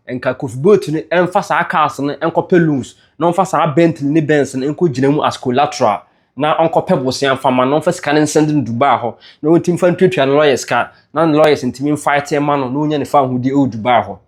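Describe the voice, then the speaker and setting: A man with a Ghanaian accent, a news presenter retelling entertainment gossip in a storytelling way, dropping English words into his speech. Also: medium pitch.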